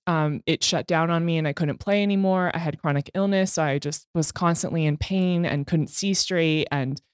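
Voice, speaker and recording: Frank, lower-voiced woman podcast guest. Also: a little mellow, no echo, clean studio sound. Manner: frank, self-deprecating, swears freely. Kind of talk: candid conversational interview.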